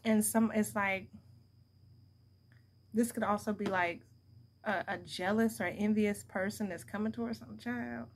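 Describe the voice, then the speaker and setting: A woman's voice: mid-range voice, steady tone, a little slow, pauses often. A young adult woman giving a casual tarot reading to her viewers, blunt and profane, laughing often as she talks. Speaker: tarot card reader.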